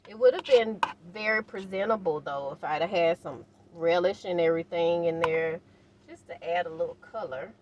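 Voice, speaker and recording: An older woman talking casually to her viewers while cooking in her van, unhurried and encouraging. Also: fairly low pitch, darkish tone, lo-fi sound, slight background noise. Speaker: van life vlogger. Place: inside a parked van.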